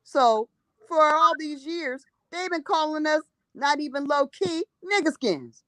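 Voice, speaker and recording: A woman's voice: high-pitched, animated, a little slow, pushed and bright, no echo. Emphatic woman telling a blunt story. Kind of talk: casual storytelling conversation.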